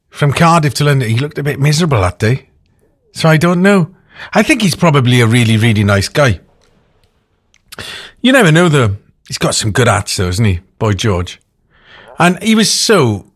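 A man presenting a radio show, chatting casually and rambling, poking fun at himself. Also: mid-range voice. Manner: chatty, rambling, self-mocking. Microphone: studio microphone.

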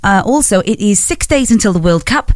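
A woman's voice: medium pitch, animated, fairly quick, dry recording. A woman presenting morning radio in a chatty, rambling way, laughing easily between asides. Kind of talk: breakfast radio chat. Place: radio studio. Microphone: studio microphone.

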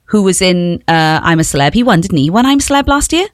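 A woman's voice: on the low side, sing-song, quick pace, no echo, clean studio sound. A woman co-hosting an entertainment chat, chatty and opinionated, leaning on "obviously" and "you know". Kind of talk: casual showbiz gossip chat.

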